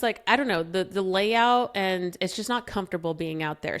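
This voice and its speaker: Smooth-voiced woman podcast host. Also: fairly low pitch. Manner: emotional, candid, laughs often while telling stories. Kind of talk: casual chat.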